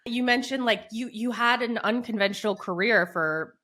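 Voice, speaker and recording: A woman's voice: on the high side, normal speed, sharp tone. A woman hosting a career interview, speaking in an encouraging, enthusiastic way. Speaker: podcast host, interviewer. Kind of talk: casual interview conversation.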